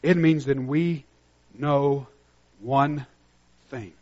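A man preaching a sermon as pastor, dropping to a hushed intensity and then rising to loud, emphatic exhortation. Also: mid-range voice, steady tone, extremely slow. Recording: muffled lo-fi sermon recording.

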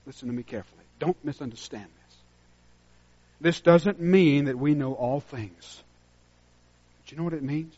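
A male pastor with a high, ringing voice delivers an impassioned sermon. He moves between hushed, earnest asides and loud, driving calls to act. The recording sounds a little muffled and lo-fi. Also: moderate pace, long pauses. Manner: swings between hushed intensity and loud emphatic exhortation.

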